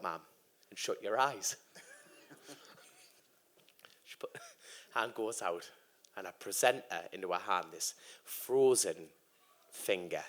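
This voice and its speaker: Sweary man telling a story live. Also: on the low side. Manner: swearing, acts out quoted voices. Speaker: guest motorcycle racer. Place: stage at a live podcast event.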